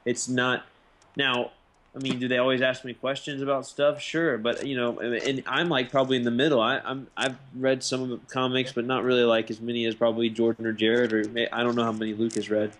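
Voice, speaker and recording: A man's voice: mid-range voice, level tone, fairly quick, fairly bright tone, a little hiss or hum. Rambling podcast host, a man. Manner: rambling, many fillers and restarts. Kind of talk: casual chat.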